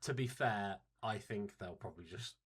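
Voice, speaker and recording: Low-voiced man, blunt and sweary. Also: moderate pace, crowd noise. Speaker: podcast co-host. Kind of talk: casual chat.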